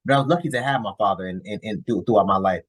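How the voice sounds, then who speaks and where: A man's voice: lowish voice, very fast, husky. A man giving casual reaction commentary on a clip, blunt and cursing, rambling with restarts.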